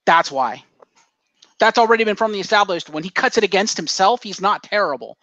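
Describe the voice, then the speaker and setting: A man with a slightly raised pitch chats on a podcast, retelling a story with animated energy and casual swearing. The sound is dry and dull, like a cheap lo-fi mic. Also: brisk, no echo. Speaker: podcast co-host. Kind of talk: casual chat.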